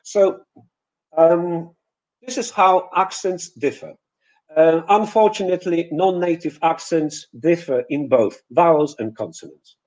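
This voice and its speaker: A man whose first language is Polish, giving a pronunciation lesson in a webinar, deliberate and hesitant, with fillers and restarts, on a computer mic. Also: a little high, a little mellow, rough recording. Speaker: pronunciation teacher. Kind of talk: webinar lecture.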